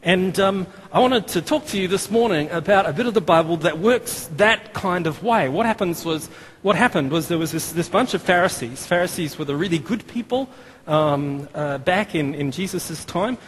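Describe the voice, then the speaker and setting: A man's voice: sits high, moderate pace, breathy edge. An Australian man in his thirties gives a chatty, self-deprecating sermon in a church, with many fillers and restarts. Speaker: preacher. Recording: long hall reverb, faint room noise.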